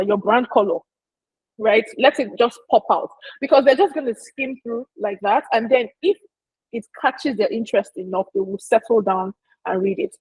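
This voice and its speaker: Speaking directly to listeners, the marketing presenter keeps her informal lesson chatty and emphatic. Her husky voice leans high, and the echo-free recording sounds muffled.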